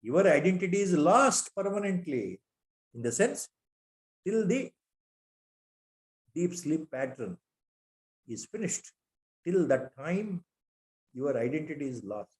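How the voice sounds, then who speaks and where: A man with an Indian English accent delivers a spiritual lecture, his voice sitting a little high for a man. He repeats rhetorical questions for emphasis and drops Sanskrit terms into his English. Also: sing-song, slow, long pauses. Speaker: lecturer on scripture.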